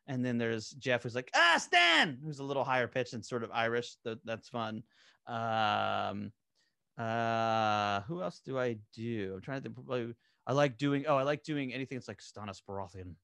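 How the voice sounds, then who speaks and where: A man who voices characters on an animated series, chatting eagerly and at length in a casual interview, full of fillers and restarts. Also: mid-range voice, normal speed, vocal fry, smooth. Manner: rambling, many fillers and restarts; eager, enthusiastic. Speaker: voice actor on an animated web series, interview guest.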